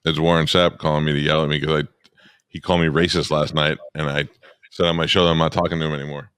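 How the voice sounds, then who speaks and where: A man's voice: rumbling low, level tone, fast talker, fairly bright tone, smooth, no room sound, clean studio sound. A man who hosts a radio show, chatting casually on a podcast and telling long, profane, rambling stories.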